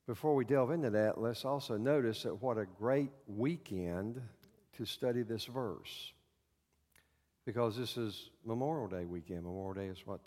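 A male pastor preaching a sermon to his congregation in a church, in a folksy, halting way with many fillers. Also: lowish voice, a little mellow, long reverb tail. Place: church sanctuary.

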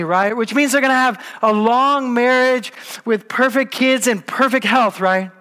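A man preaching a sermon, telling the story in a casual, conversational way with lively asides. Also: very high voice. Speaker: pastor. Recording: long hall reverb.

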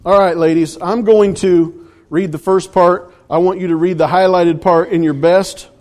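High-voiced man, a joking pastor. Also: fairly even intonation, normal speed, darkish tone. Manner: playful, teasing, loose with restarts. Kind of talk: casual joking sermon.

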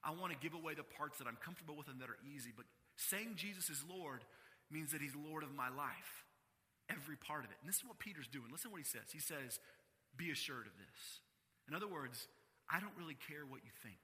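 A man's voice: lively intonation, fairly quick. Emphatic man preaching, ringing hall. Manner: emphatic, rising to loud stressed phrases then dropping low and quiet. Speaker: pastor. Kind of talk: sermon. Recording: long hall reverb.

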